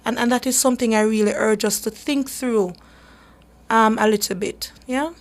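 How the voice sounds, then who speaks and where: A woman's voice: fairly high pitch, steady tone, normal speed. A woman, a human rights advocate hosting a radio talk show, speaking earnestly and emphatically with frequent restarts. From Jamaica.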